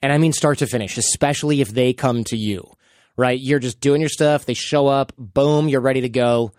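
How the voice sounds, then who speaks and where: A man's voice: medium pitch, normal speed, no echo, clean studio sound. A man in his thirties hosting a podcast, chatting casually and acting out quotes as he tells stories. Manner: animated storyteller, acts out quotes. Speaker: podcast host.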